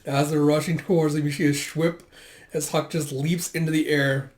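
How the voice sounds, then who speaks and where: A man's voice: on the high side, little pitch movement, moderate pace, a little mellow, reverberant. Man casually narrating a manga readthrough. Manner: reads all dialogue aloud in raised voices, filler-heavy. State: hiccups.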